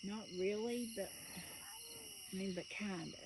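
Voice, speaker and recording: Woman, halting and unsure speech, outdoor night recording, clear background noise, phone recording. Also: medium pitch. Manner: halting, unsure, searching for words. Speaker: witness. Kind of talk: casual chat.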